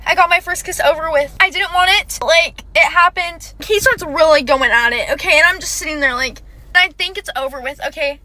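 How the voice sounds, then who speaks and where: Young woman, casual storytime, very high voice, animated and quick. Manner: animated and fast, with frequent "like" and "okay".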